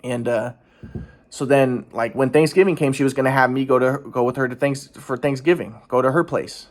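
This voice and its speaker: A man's voice: medium pitch, steady tone, normal speed. A man telling a personal story in a rambling vlog monologue, full of stumbling restarts and frank, profane asides.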